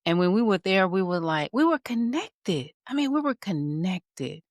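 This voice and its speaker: A woman's voice: medium pitch, sing-song, moderate pace, no room sound, clean studio sound. A middle-aged woman co-hosting a podcast, reflectively recounting a trip with her husband. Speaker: podcast co-host. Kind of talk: casual chat.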